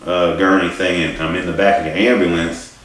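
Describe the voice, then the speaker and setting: A low-voiced man tells his own story casually, halting and restarting, with bits of swearing and laughter at himself. He sits some way from the mic in a room with heavy echo. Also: little pitch movement, a bit bright. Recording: distant mic in a very echoey room.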